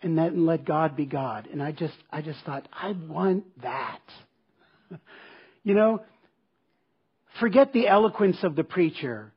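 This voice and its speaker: Husky-voiced pastor preaching earnestly. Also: male voice, fairly high pitch, measured pace, pauses often, muffled recording. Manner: earnest, emphatic, returns to a repeated refrain. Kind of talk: sermon with personal storytelling. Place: church service.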